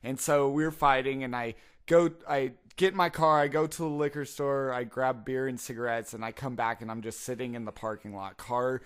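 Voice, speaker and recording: A young man co-hosting a casual podcast, his voice at a middling pitch. He tells animated stories, swearing freely and breaking into laughs. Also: brisk, clean tone. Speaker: podcast co-host. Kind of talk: casual chat.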